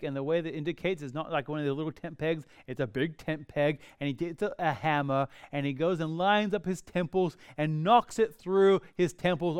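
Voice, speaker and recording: High, smooth-voiced preacher man. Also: no room sound, clean studio sound. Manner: animated storytelling with humorous asides. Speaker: pastor. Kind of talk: sermon.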